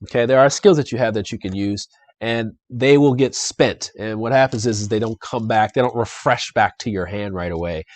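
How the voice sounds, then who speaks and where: A man's voice: on the low side, brisk, a little mellow, no room sound. A young adult man streaming a solo board game live, chatty and upbeat as he talks to viewers and reads the adventure text. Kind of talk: casual live-stream playthrough commentary.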